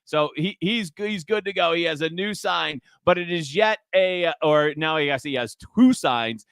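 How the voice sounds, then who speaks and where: Man, talk show host, high voice, rambling chatty delivery, dry close sound. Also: expressive, moderate pace, fairly bright tone, smooth, dry recording. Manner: chatty, rambling, with frequent restarts and asides. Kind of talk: casual political talk show.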